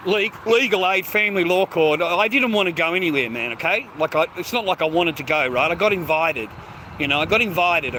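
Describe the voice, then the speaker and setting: A man's voice: on the high side, bright, forceful tone. An Australian man in his fifties, ranting aggrieved and profane in a vlog, stammering over restarts. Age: 50s. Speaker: vlogger. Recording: noisy outdoor street recording.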